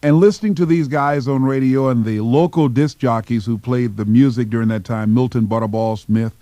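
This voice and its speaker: A man from Miami, Florida, giving a motivational speech through personal stories, with slow, emphatic phrasing. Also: mid-range voice, mellow, no room sound. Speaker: motivational speaker.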